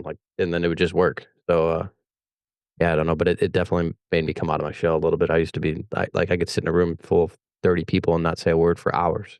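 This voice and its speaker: A man's voice: deep voice, completely flat delivery, quick pace, a little mellow, clean tone, dry recording. A man, a police officer, chatting on a podcast in a rambling way full of restarts and "like.". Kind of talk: casual podcast chat.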